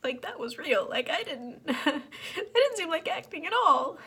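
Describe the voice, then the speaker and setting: A woman with a somewhat high voice talks in a casual reaction vlog. She is earnest and openly emotional, chatting and laughing as she goes. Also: sing-song, unhurried, bright, forceful tone. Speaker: movie reaction vlogger.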